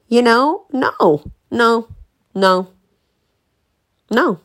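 A woman ranting bluntly in a casual monologue, profane and emphatic, swinging between slow stressed words and fast bursts. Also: on the high side, lively intonation, darkish tone. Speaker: vlogger.

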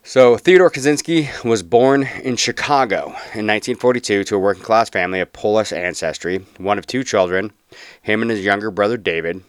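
Low-voiced chatty man. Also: brisk, clean tone, no echo, studio quality. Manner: loose and chatty, with many ums and restarts. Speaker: podcast host. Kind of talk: casual podcast narration.

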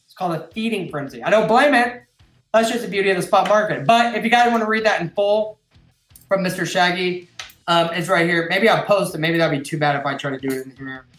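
A man's voice: sits high, brisk, fairly bright tone, faint music behind. A man hosting a casual live stream and reading viewer comments into a desk microphone, rambling and chatty, with laughs and restarts. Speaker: host and admin of a trucking group. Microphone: desktop microphone.

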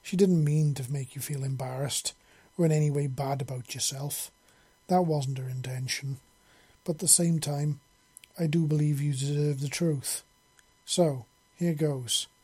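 A man voicing a grown woman, a kind and earnest mother who speaks gently. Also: on the high side, husky.

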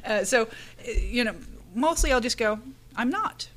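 A woman on a casual panel chat, telling stories with animated delivery, acting out what people said and laughing often. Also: a little high, normal speed. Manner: animated storyteller, acts out quoted lines, laughs often. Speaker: podcast panelist and conference speaker.

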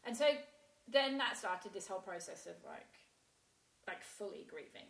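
A woman telling a painful personal story in a halting way, with many restarts and fillers. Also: mid-range voice, animated, creaky. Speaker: guest sharing a personal story. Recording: roomy echo.

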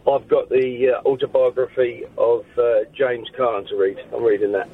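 A man calls in to a radio show with a mid-pitched voice. He keeps his replies short and plain. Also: flat delivery, normal speed, narrow, tinny audio. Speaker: caller. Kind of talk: phone-in call.

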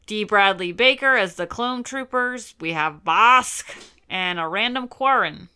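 Sharp and clean in tone, with a medium pitch, a woman chats away as co-host of a laid-back podcast. She reads off a cast list and occasionally breaks into goofy voices.

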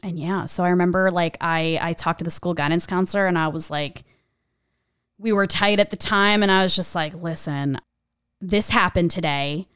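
A young adult woman telling a personal story in a casual, animated way. She talks chattily, swears freely and says "like" a lot. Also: fairly low pitch, fairly quick, smooth, no echo, studio quality.

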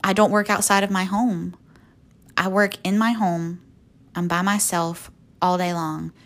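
A woman's voice: on the low side, fairly even intonation, measured pace. A young woman speaking earnestly and folksily as the host of a faith podcast. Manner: earnest, folksy, with soft laughs.

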